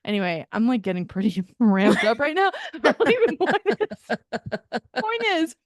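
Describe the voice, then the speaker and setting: A woman's voice: on the high side, expressive, a little slow, no room sound, studio quality. A woman co-hosting a podcast, telling a story in casual chat with lots of laughter, acted-out quotes and swearing. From American Midwest. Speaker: podcast co-host.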